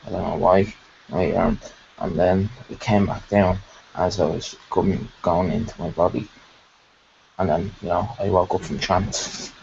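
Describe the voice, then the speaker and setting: A man on a video call excitedly recounting a meditation experience in a rambling, casual way, full of fillers. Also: sits low, unhurried, creaky, dull audio, a little hiss or hum. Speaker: participant sharing a meditation experience. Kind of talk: casual storytelling.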